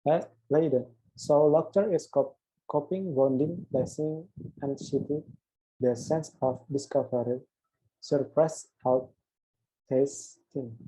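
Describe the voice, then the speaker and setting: A man's voice: medium pitch, slow pace, mellow, slightly rough, poor audio. A young man, a student, reads an interview script aloud and voices both the host and the guest, stumbling and restarting on words. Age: young adult. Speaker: student presenting an assignment.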